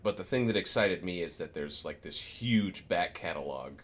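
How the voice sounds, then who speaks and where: A man with a low voice that swings widely in pitch, chatting casually as a podcast co-host. He gets excited telling stories and laughs often. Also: normal speed. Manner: animated, laughs often, storytelling with bursts of excitement. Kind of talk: casual chat.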